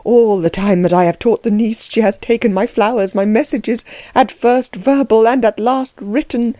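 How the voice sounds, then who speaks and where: A woman voicing an agitated, indignant young male tutor who bursts out in trembling, shrill tirades. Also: moderate pace, dark tone, no echo, natural voice. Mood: furious.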